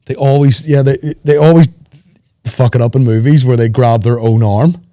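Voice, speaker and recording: A man hosting a podcast, rambling in animated, sweary banter. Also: medium pitch, normal speed. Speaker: podcast host. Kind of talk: casual chat.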